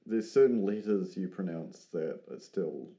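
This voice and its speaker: A man's voice: low voice, animated, a little slow, warm tone, dull audio. A man co-hosting a podcast in a laid-back, somewhat hesitant casual chat. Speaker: podcast co-host.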